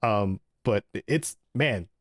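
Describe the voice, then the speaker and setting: A man's voice: fairly low pitch, slow pace, no room sound, studio quality. A man co-hosting a gaming podcast in casual chat, rambling with many ums and restarts. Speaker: podcast co-host.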